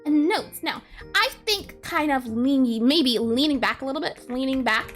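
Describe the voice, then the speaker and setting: A woman's voice: sits high, expressive, moderate pace, faint music behind. A woman streaming as she draws, chatting casually, reading chat aloud and giggling often. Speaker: art streamer. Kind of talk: casual live-stream chat while drawing.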